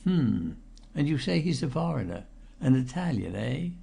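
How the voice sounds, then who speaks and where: A man reading the part of a suspicious, blunt police detective with a Highland accent in an audiobook. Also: very animated, normal speed, creaky, dark tone, husky, full character voice. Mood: probing. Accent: Scottish Highland. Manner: probing, blunt questioning. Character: big fair-haired Scottish police detective, suspicious.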